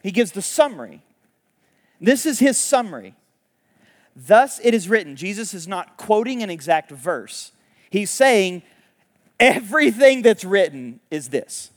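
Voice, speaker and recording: A man preaching a sermon, retelling a story in a casual, animated way with laughs and quick asides. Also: sits high, in a large hall. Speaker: pastor.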